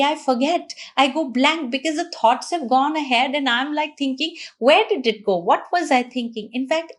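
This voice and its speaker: Fast-talking woman coach. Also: high-pitched. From Punjab, India. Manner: fast-talking, says so herself; lively, with frequent little laughs. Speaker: communication coach. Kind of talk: talking-to-camera advice.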